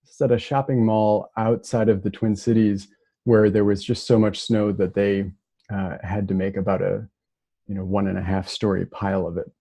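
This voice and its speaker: A man from Minnesota giving a relaxed, casual lecture remotely, with plenty of fillers and restarts. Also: on the low side, moderate pace, no echo.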